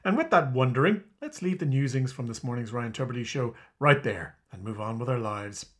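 A man's voice: mid-range voice, animated, fairly quick, a bit bright. A man reading scripted radio links in a wry, playful way. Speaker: radio presenter.

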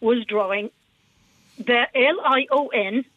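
A woman's voice: on the high side, slow, no echo. Northern Irish woman calling in by phone. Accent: Armagh, Northern Irish. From Northern Ireland. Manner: lively storyteller, laughs often. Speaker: radio caller. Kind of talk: phone-in radio chat. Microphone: telephone. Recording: muffled phone line.

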